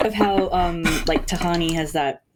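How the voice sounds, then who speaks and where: A woman with an Australian accent chatting casually on a live stream, careful and halting, often restarting her sentences. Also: on the low side, background noise.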